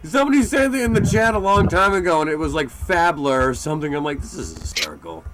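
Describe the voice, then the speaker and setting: A man's voice: high voice, fast talker, background noise. A man streaming a racing game and chatting casually, cursing often and rambling through stories. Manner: profane, rambling, jumps into mocking voices. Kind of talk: casual gaming stream chat.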